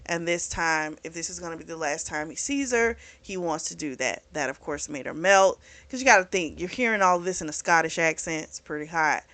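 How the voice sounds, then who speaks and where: A woman's voice: low voice, a little fast, hardly any pauses, fairly bright tone. Chatty woman reviewing a book. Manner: chatty and frank, swears freely, laughs at her own asides. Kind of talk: casual book review chat.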